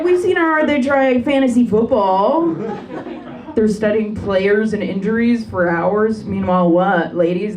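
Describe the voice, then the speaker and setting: A young woman doing a brash, deadpan stand-up comedy set in a club. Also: mid-range voice. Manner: deadpan, brash, sharp punchlines. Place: comedy club stage with live audience. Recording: distant live club recording with crowd.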